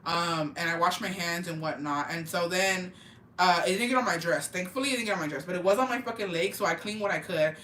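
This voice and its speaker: Brief: young woman vlogger, animated, swears constantly, bright voice, roomy echo. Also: fairly low pitch, fast, a little hiss or hum. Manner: profane, animated, slangy storytelling. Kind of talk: storytime vlog. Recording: echoey room, mic at a distance, faint ambience.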